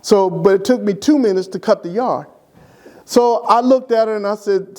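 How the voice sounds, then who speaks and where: High-voiced deacon telling fond stories. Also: male voice, normal speed. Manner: lively, animated anecdote telling to an interviewer. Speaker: church deacon. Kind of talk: humorous memorial storytelling.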